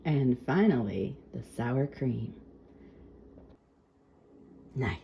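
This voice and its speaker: A woman's voice: deep voice, animated, takes it slowly, vocal fry, long pauses, dark tone, reverberant, recorded from a distance, lo-fi sound, slight background noise. A woman hosting a casual cooking vlog in her home kitchen, chatting and explaining as she works.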